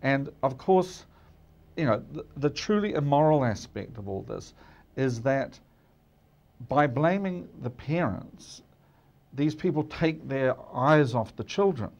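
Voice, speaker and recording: A man's voice: mid-range voice, lively intonation, a little mellow. Emphatic New Zealand man commentator. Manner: measured, emphatic, with frequent restarts. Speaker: political commentator guest. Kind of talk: studio discussion.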